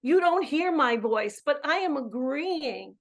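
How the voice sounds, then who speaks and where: A woman's voice: high voice, expressive, slow pace. A woman in her fifties calling in to a live show as a coach, effusive and emphatic, often repeating words as she goes. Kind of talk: live call-in chat.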